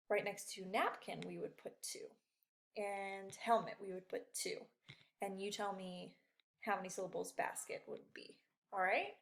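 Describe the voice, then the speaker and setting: A woman's voice: medium pitch, gravelly. A woman teacher going over a worksheet in a remote lesson for young children, patient and encouraging.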